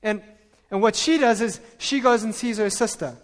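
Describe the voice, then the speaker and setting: A man preaching a sermon as pastor, animated and full of stammered restarts. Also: high voice, normal speed. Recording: reverberant hall.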